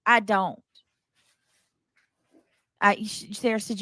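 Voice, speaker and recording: A woman's voice: fairly high pitch, big pitch swings, slow, long pauses, bright, forceful tone, no echo. A woman hosting a casual live stream, defensive and exasperated, repeating herself and restarting sentences as she answers her chat.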